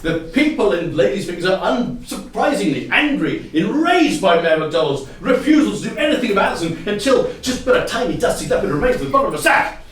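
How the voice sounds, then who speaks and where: Animated English improv storyteller, echoey hall. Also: male voice, high voice, a little fast, distant mic. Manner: animated, laughing often, repeating audience suggestions. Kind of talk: improvised comic narration. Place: theatre stage with live audience. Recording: echoey hall recorded from afar.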